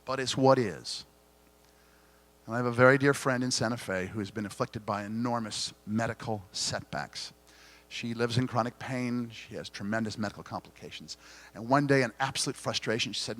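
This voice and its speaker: A middle-aged man giving an inspirational keynote talk at a conference, earnest and gently confessional, with dramatic pauses. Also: medium pitch, dry recording. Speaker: keynote speaker. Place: conference hall stage.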